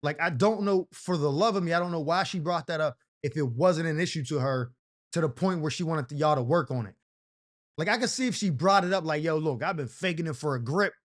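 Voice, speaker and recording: A man's voice: a little high, fairly quick. A man hosting a comedic advice show, reading letters aloud and answering them in a loose, slangy storytelling style, acting out the quoted voices.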